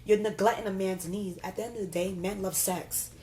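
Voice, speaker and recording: A woman's voice: mid-range voice, fairly even intonation, a little fast, warm tone, slight background noise. Blunt, outspoken woman in a podcast debate. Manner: blunt, teasing, swears freely. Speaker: podcast guest. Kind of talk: heated casual debate.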